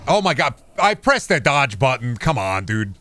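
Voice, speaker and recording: A married man streaming a video game, rambling sarcastically and insisting in mock calm that he is not mad. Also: mid-range voice, normal speed. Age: adult, married. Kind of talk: casual gameplay chat.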